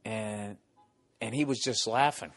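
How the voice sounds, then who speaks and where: A man's voice: lowish voice, unhurried, gravelly, no room sound. A man in his forties with a Boston accent, telling stand-up stories in casual chat, swearing a lot and acting out the people in them. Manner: animated storyteller, profane, acts out yelling hecklers. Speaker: stand-up comedian telling a story.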